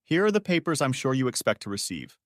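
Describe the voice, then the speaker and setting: A man's voice: mid-range voice, sing-song, fast talker, dry recording, studio quality, close to an everyday voice. A man voicing a betrayed husband who speaks in a caustic, commanding tone. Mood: curt. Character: betrayed husband, cold and controlled, flaring angry.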